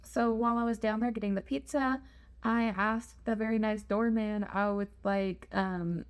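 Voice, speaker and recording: A woman's voice: mid-range voice, fairly even intonation, moderate pace. A young woman telling a travel story in a chatty, self-deprecating vlog. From United States. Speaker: travel vlogger.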